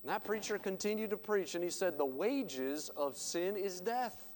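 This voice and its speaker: A man preaching a sermon in church, swinging from loud, driving lines to hushed, slow emphasis. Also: high-pitched, animated, long reverb tail, a little hiss or hum. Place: church sanctuary.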